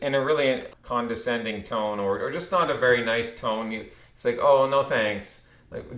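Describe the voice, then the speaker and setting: A man's voice: medium pitch, a bit bright, roomy sound. A man in his thirties telling a long story to camera in a rambling way, restarting and repeating words. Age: 30s. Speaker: channel host. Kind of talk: casual storytelling monologue.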